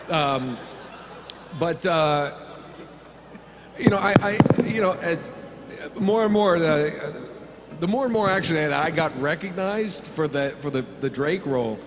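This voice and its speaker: A man's voice: a little high, lively intonation, measured pace. A middle-aged male voice actor answering fan questions on a convention panel, joking and rambling with many fillers. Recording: reverberant convention hall, faint hum.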